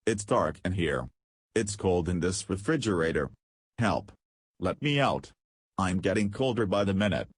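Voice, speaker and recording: A man's voice: low-pitched, expressive, moderate pace, slightly rough, no room sound, studio quality. A man voicing a tiny, polite and caring mouse boy in an audiobook, earnest and friendly. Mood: pleading. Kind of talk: audiobook character voice.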